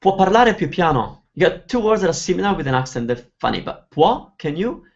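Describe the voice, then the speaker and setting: Gravelly man teaching. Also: on the high side, very animated, quick pace, a little mellow, lo-fi sound. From Italy. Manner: chatty, explains words one by one with examples. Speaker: Italian teacher hosting a webinar. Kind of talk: live online Q&A lesson.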